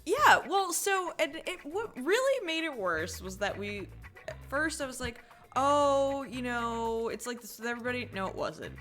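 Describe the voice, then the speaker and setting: A young woman from Florida, co-hosting a podcast and telling a story in casual chat, lively and swearing, often breaking into laughter. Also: high voice, moderate pace, soft background music. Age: young adult. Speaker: podcast co-host.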